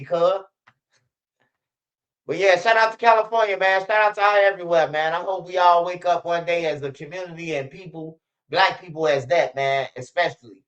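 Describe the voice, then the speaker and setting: A man's voice: fairly high pitch, fairly bright tone. A man from Chicago hosting a commentary channel, telling stories in slangy street talk and acting out what people said. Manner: slangy storytelling, acts out quotes. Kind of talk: casual street-news commentary. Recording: dull lo-fi sound.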